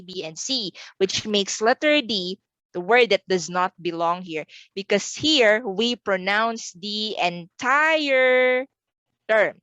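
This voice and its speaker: A woman's voice: mid-range voice, a bit bright, no echo, low-quality recording. A woman from the Philippines giving an online exam review lesson, repeating words carefully for pronunciation drills.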